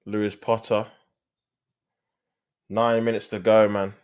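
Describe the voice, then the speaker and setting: A man with a lowish voice talks viewers through a football match as a live stream host. His commentary is casual and full of slang, and he turns exasperated when his side gives the ball away. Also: level tone, slow pace, a little mellow, clear, resonant tone.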